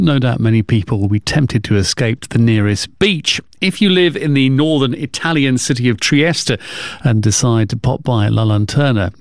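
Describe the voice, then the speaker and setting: A man's voice: mid-range voice, creaky, no room sound. Man presenting radio news, dry sound.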